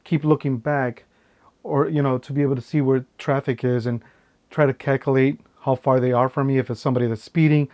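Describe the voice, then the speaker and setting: A man's voice: medium pitch, fairly even intonation, a little fast, darkish tone. A man chatting casually in a tech unboxing vlog, rambling with lots of "right?" tags and filler phrases. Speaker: tech vlogger.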